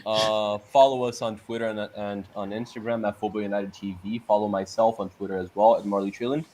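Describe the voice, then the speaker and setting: A man's voice: medium pitch, darkish tone, slight background noise. A man who co-owns the channel, co-hosting a football podcast in an easygoing, agreeable way. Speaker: channel co-owner and co-host. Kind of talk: casual football chat.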